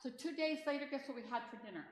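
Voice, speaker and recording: A woman's voice: high voice, animated, rapid-fire, slight background noise. A middle-aged woman giving a church training talk, chatty and full of storytelling asides. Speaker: disaster response trainer. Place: church hall. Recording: echoey hall.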